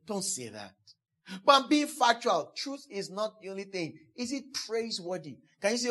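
This man's voice sits high, sing-song, bright and forceful at normal speed as he preaches his sermon as pastor. Emphatic, he repeats key phrases relentlessly and playfully acts out the people he quotes.

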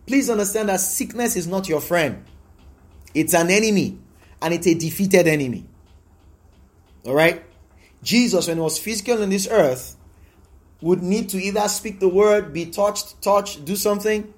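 A man with a notably high voice preaches a sermon to his congregation. He hammers his points home by repeating them, and his voice climbs into bursts of exclamation. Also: normal speed, pauses often. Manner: emphatic, repetitive preaching with rising exclamations. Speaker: pastor.

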